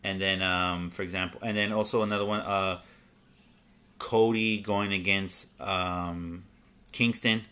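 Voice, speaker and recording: A man with a fairly low, bright and forceful voice hosts a loose conversation. He talks in halting stretches, full of pauses and restarts, and then speeds up when he gets going. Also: steady tone, clean tone. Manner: halting, many ums and restarts. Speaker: podcast host. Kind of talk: casual wrestling chat.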